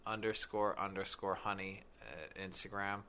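Bright-voiced wry comedian man. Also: fairly low pitch, moderate pace, clean tone. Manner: wry, deadpan jokes. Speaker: comedian guest. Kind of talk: casual comedic chat.

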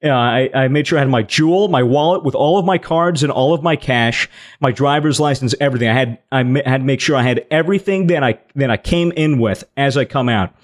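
A young man co-hosting a podcast bluntly recounts his version of a drunken night out, swearing and tripping over restarts in a casual storytelling chat. His voice is mid-range and his pace brisk.

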